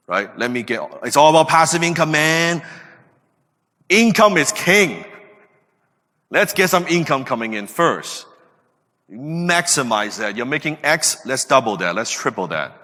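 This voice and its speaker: A podcast host in his late thirties gives an emphatic motivational talk packed with rhetorical questions. His medium-pitched voice is bright and forward, ringing through a long, reverberant room.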